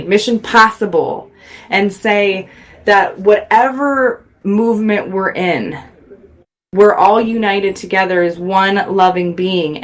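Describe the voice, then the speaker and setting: An earnest, middle-aged woman host speaks straight to her viewers with a reflective, heartfelt manner. Her voice sits at an ordinary pitch for a woman. She grows louder when she gets worked up. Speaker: radio show host. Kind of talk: motivational talk to viewers.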